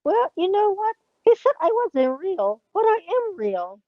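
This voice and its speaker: A woman voicing a boastful leprechaun with a put-on Irish accent, demanding gold and making gruff threats. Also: extremely high pitch, big pitch swings, unhurried, no room sound, heavily acted. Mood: menacing. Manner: gruff, menacing banter. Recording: dull lo-fi sound.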